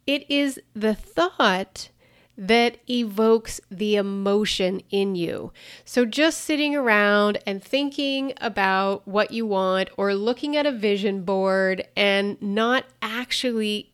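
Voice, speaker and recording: A woman's voice: mid-range voice, fairly bright tone, clear, resonant tone, no room sound, studio quality. A woman teaching about the law of attraction, explaining earnestly with everyday examples and light laughs. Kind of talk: explanatory talk to camera.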